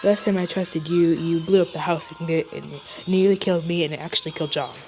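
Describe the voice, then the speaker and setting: A woman reading the lines of a gravely ill young man, weary and sad, stumbling and restarting as she reads. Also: low voice, measured pace, darkish tone, poor audio. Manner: read aloud, with stumbles and restarts. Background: background music.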